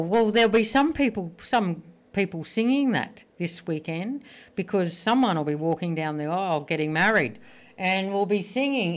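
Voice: mid-range voice, moderate pace. A radio host chatting casually, sending well-wishes and telling jokes, laughing at the punchlines.

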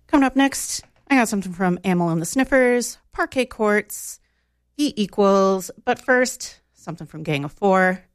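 A woman radio DJ talks in a loose, chatty way, clearly excited about the records she spins. Her voice sits at a middle pitch and is recorded close and dry in a studio booth, with almost no room sound. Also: normal speed, dry recording. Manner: chatty, relaxed, enthusiastic about music. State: slightly out of breath. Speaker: radio DJ host. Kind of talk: casual radio DJ back-announcing and community announcements. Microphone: studio microphone, close.

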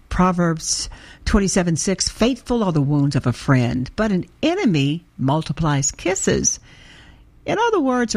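A woman giving a short radio devotional in a conversational way with playful asides. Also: mid-range voice. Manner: expressive, conversational with asides and little laughs. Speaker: devotional speaker.

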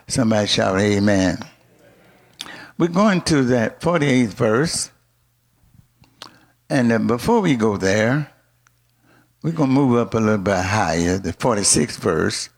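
A man preaching a sermon, with call-and-response and sudden high emphatic peaks. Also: vocal fry.

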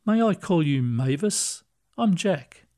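A man reading aloud, voicing a kindly, calm male ghost librarian who speaks gently and reassuringly. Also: a little high, slow pace. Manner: gentle, reassuring, soft-spoken.

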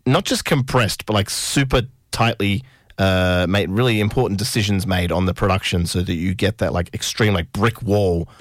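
Lowish-voiced enthusiastic host. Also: male voice, normal speed, dry recording, clean studio sound. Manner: enthusiastic, sweary, full of restarts. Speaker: podcast host. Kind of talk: casual interview chat.

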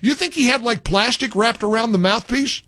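A middle-aged man hosting a call-in radio talk show, animated and sarcastic, full of wisecracks. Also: extremely high pitch, normal speed, no room sound.

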